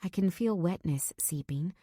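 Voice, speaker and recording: Brief: woman audiobook narrator, low voice, tense and measured, dry close mic. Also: mellow, dry recording. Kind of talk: first-person audiobook narration.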